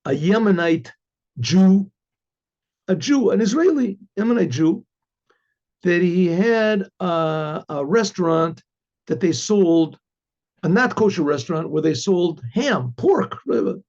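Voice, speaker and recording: A rabbi telling a story, animated and full of quoted voices, who often clears his throat and restarts his words. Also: high voice, a little slow. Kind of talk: storytelling talk. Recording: dull lo-fi recording.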